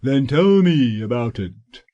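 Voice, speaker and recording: This audiobook clip has a man portraying a scheming, pompous, overweight middle-aged solicitor with drawn-out, self-righteous delivery. He is very animated at a medium pitch, and his dark tone comes through on dull-sounding audio.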